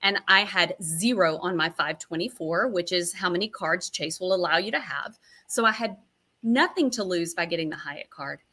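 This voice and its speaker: A woman's voice: fairly low pitch, moderate pace, bright, forceful tone, husky. A middle-aged woman, a nurse, telling stories as an interview guest in a chatty, long-winded, self-deprecating way. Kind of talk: casual interview storytelling.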